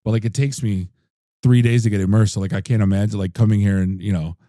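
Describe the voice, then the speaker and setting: A man hosting a podcast, telling stories in a rambling, animated way with lots of fillers. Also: lowish voice, fast, no echo, clean studio sound. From United States. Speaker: podcast host. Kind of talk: casual chat.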